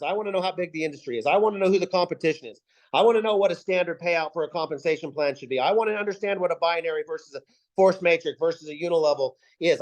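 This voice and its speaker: On a rough recording, a high-pitched man leads his team's video call with a sales pep talk, firing off punchy, emphatic rhetorical questions and repeating himself for effect.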